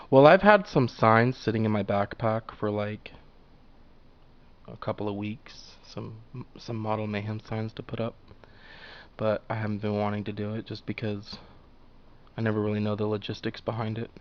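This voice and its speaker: Gravelly young man rambling, lo-fi. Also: lowish voice, level tone, moderate pace. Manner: loose and profane, laughs often, many fillers. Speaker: vlogger drawing on camera. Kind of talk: rambling casual monologue. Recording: dull lo-fi home recording.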